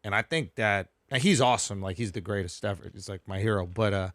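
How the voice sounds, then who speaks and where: Animated, swearing male comedian telling stories. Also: on the low side, quick pace, no echo, clean studio sound. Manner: animated, laughing storyteller who swears freely. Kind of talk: casual podcast storytelling.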